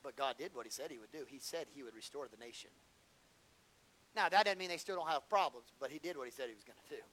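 A man preaching a sermon as pastor, storytelling and building to impassioned shouts. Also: mid-range voice, quick pace, a little hiss or hum.

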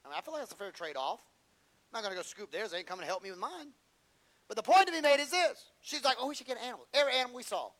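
A man's voice: very high-pitched, expressive, rapid-fire, fairly bright tone. A man preaching a sermon, telling humorous stories in folksy slang.

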